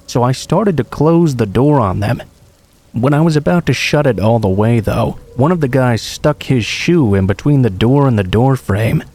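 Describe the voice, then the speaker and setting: A man reading a true horror story aloud as a scripted narration, in a calm, steady storytelling manner. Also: medium pitch.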